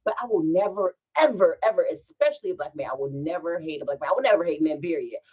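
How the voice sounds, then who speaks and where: A woman's voice: on the low side, fast, breathy edge. A woman vlogger, chatting casually at home and telling a rambling story with frequent laughs. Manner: animated, rambling, laughs often.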